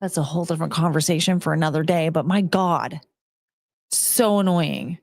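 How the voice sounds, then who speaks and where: A woman's voice: sits low, moderate pace, darkish tone, no room sound, clean studio sound. An American woman hosting a casual livestream, ranting loosely and swearing as she talks to her chat. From United States. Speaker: streamer host.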